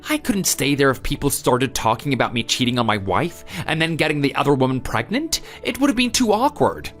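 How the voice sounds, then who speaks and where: A man's voice: mid-range voice, very animated, a little fast, fairly bright tone, faint music behind. A man voicing a defensive, exasperated husband and son.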